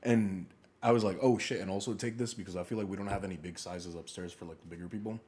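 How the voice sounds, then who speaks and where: Fast-talking, swearing young man. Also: deep voice. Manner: swears often, animated, laughs through stories. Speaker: podcast co-host. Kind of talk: casual storytelling chat.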